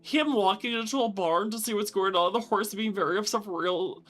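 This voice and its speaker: A young adult woman streaming a video game, talking to her chat with loud exasperated outbursts and swearing. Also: mid-range voice, fairly quick, soft background music. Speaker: VTuber streamer. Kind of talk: gaming livestream commentary.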